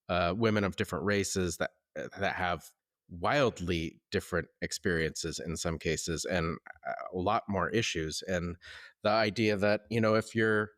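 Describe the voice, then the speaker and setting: A man's voice: deep voice, fairly bright tone. A man from California co-hosting a casual podcast, telling stories in an easygoing way and laughing often. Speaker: podcast co-host.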